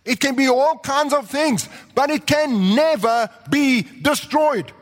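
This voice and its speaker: Pastor guy preaching, high voice, gets loud and lively, big echoey church hall. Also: slow. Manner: animated preaching, rising to shouts, acting out quotes. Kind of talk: sermon. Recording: long reverb of a large hall.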